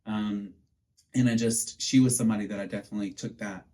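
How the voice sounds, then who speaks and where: A man, co-hosting a podcast and telling coaching stories in a lively, animated way. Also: lowish voice, fairly quick. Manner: animated storyteller, acts out quotes. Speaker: podcast co-host, pitching coach. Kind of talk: casual chat.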